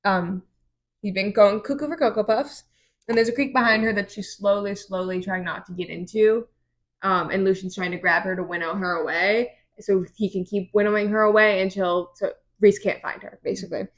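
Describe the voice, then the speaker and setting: A young woman co-hosting a podcast, recapping chapters in an animated, chatty way with lots of fillers. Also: mid-range voice. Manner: animated, quick storytelling with many fillers. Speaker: podcast co-host. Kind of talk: casual book recap chat.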